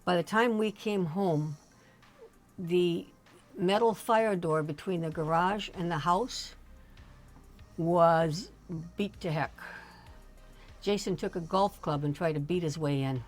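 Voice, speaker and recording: A middle-aged woman, a mother chatting casually on a livestream, halting and often restarting her sentences. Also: lowish voice, soft background music. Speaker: streamer's mother, guest. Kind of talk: casual family chat on a livestream.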